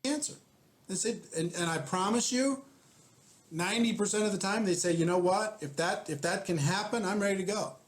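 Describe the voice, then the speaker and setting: A man coaching network marketing, methodically walking through numbered questions in casual talk. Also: high voice.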